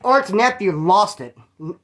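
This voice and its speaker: A man's voice: high voice, lively intonation, a little slow, a bit bright. Man, from Bakersfield, slangy, profane, rambling storyteller, casual monologue. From Bakersfield, California. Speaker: former prisoner telling stories.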